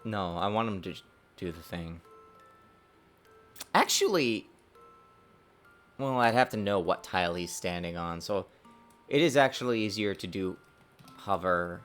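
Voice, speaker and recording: A man streaming his game development work, talking to himself in a lively, self-mocking way. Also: deep voice. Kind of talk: casual livestream dev commentary.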